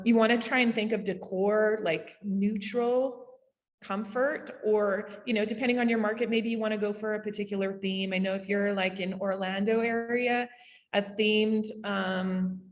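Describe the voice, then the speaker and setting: A woman with a Canadian accent gives a casual summit talk over a video call, with quick asides and lots of fillers. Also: mid-range voice, long reverb tail. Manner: chatty, rapid asides, frequent fillers. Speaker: summit speaker on short-term rentals. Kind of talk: casual presentation.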